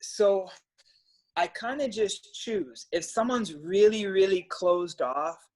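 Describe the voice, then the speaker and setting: A man's voice: high voice, slow pace. A man telling stories in casual, emphatic talk, swearing now and then as a coach. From Canada. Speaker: trainer and guest coach.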